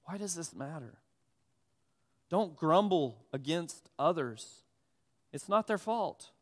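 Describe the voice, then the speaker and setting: A pastor delivering a sermon in a conversational, animated, self-deprecating storytelling manner. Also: male voice, on the high side, slow pace. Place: church sanctuary. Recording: long reverb of a church hall.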